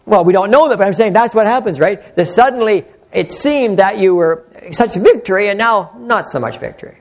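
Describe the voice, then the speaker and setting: A man's voice: high voice, animated, fairly quick. An older man preaching an earnest, conversational sermon, rambling with frequent restarts. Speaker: pastor.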